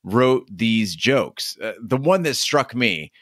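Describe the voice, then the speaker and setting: A man's voice: mid-range voice, lively intonation, slow, fairly bright tone, dry recording, clean studio sound. A man co-hosting a casual movie-review podcast, giving wry, critical commentary. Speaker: podcast co-host.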